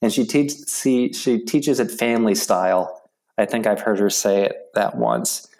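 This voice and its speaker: A middle-aged man, a guest in an interview, telling stories haltingly with many restarts and fillers. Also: fairly low pitch, vocal fry, a little mellow. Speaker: interview guest, yoga practitioner. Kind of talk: casual storytelling interview.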